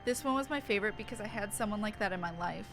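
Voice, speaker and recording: A woman's voice: mid-range voice, animated, fast talker, poor audio. Gushing young woman streamer over music. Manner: gushing, swears freely, effusive reactions. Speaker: streamer reading aloud to chat. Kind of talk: dramatic reading then casual chat. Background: background music.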